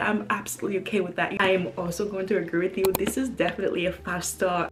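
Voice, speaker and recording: A woman's voice: lowish voice, a little mellow. A young woman chatting casually in a reading vlog, gushing about books with lots of fillers, recently under the weather. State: recovering from being sick. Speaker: book vlogger.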